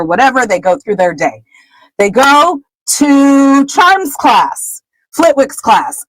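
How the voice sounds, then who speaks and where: A woman's voice: fairly high pitch, no echo, low-quality recording. A woman co-hosting a podcast, chattily retelling a chapter, laughing often and trailing off with "whatever.". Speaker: podcast co-host. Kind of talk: casual chapter recap.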